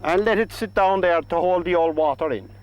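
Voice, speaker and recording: An Irish man giving a painting demonstration outdoors by a lake, talking gently and coaxing the paint onto the canvas. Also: high voice, brisk, dull audio. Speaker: painting instructor.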